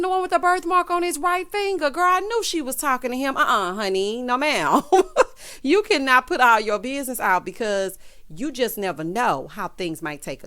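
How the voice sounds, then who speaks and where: A woman hosting a casual reality show recap, sassy and chatty, acting out the people she quotes. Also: medium pitch. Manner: sassy, chatty, animated quoting of others. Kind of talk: casual commentary.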